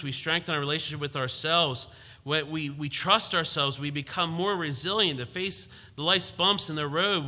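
Emphatic preacher man, bright voice. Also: fairly high pitch, in a large hall. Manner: animated, mocking quoted lines in a lighter voice; rises to emphatic force, drops to hushed tones. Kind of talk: sermon.

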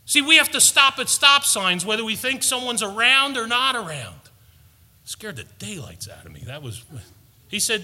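A man's voice: very high-pitched, big pitch swings, normal speed, sharp tone, big-room sound. A man preaching a sermon, earnest and storytelling, building to emphatic points. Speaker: pastor.

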